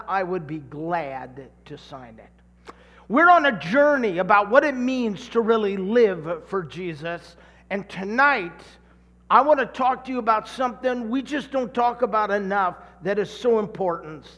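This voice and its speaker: A middle-aged pastor from California preaches with a high voice that rings through a long hall reverb. He takes his time, then acts out the voices in his story with real animation. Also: fairly bright tone, highs cut off. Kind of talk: sermon with personal story.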